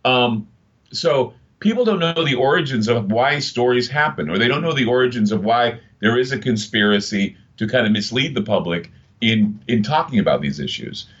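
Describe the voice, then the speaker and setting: A man's voice: medium pitch, animated, normal speed, fairly bright tone. A man in his fifties, a radio broadcaster, telling stories in a rambling, emphatic way during an interview. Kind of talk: casual interview talk. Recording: dull lo-fi sound.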